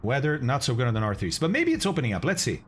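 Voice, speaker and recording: On a live stream, a flight simulator streamer chats casually, thanking viewers and reacting to the chat while he groans and exclaims over bad-tasting candy. His medium-pitched voice swoops wildly and moves quickly, a bit bright with a breathy edge.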